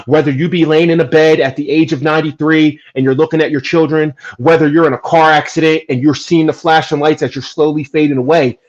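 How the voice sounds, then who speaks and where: A man from New Jersey talking earnestly and emphatically in a casual podcast chat, making his case with animated bursts. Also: a little high, fairly quick, hardly any pauses. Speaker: podcast guest. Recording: dull lo-fi audio.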